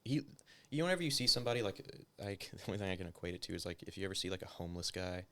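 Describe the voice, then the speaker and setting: A man's voice: deep voice, lively intonation, rapid-fire, fairly bright tone. A man, a former police officer, telling his story as an interview guest in loose, casual talk full of filler words and swearing. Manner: loose and profane, heavy use of filler words.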